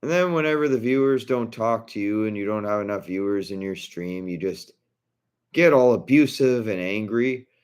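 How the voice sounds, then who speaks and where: Man, very low voice, casual vlog rant, blunt, swearing. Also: normal speed, smooth. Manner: indignant, blunt, swears freely.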